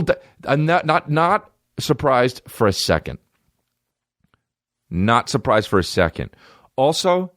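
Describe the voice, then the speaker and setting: A man's voice: medium pitch, fairly bright tone, no echo, studio quality. A man in his thirties hosting a comedy podcast, riffing profanely and slipping into mocking voices. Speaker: podcast host.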